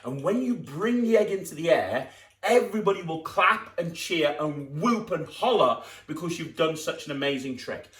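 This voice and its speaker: An English man performs as a children's magician, walking kids through a trick with playful, exaggerated delivery and sudden excited shouts. His pitch is fairly high and swoops all over. He sits back from the mic in an echoey room. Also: moderate pace, recorded from a distance.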